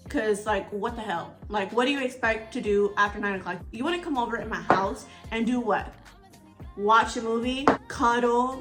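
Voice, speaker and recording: Getting ready at home beside a window, a storytime YouTuber from Texas tells a story in a chatty, meandering way, performing the dialogue herself. Her voice is a touch high and moderately paced, heard over loud music.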